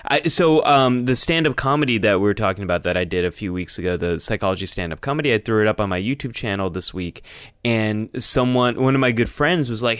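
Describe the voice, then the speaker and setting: A man's voice: on the low side, animated, a little fast, fairly bright tone, smooth, no room sound, clean studio sound. A man co-hosting a podcast, talking casually and animatedly and often repeating words as he thinks. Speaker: podcast co-host. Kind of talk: casual chat.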